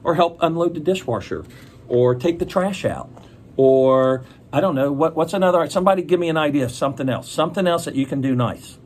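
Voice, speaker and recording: A man's voice: fairly high pitch, expressive, fairly quick, darkish tone. A man reading a picture book aloud to children, chatting and asking them questions as he goes.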